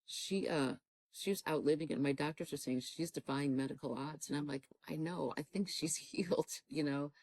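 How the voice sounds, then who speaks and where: Woman, middle-aged, low voice, earnest testimony, replays past conversations, dry close sound. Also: normal speed, a little mellow, no room sound, poor audio. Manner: earnest storytelling, acting out her own past dialogue. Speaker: guest telling her testimony. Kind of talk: emotional personal testimony.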